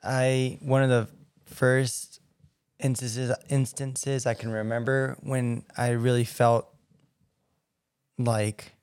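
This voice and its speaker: A man's voice: mid-range voice, little pitch movement, slow pace, pauses often, darkish tone, clean tone. A man co-hosting a podcast, hesitantly recalling a personal memory in casual chat, with many restarts. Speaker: podcast co-host.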